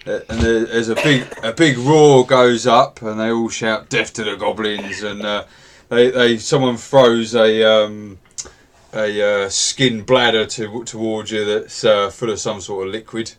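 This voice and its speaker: A man narrating as game master, relaxed and rambling, with lots of fillers. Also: lowish voice, a little slow.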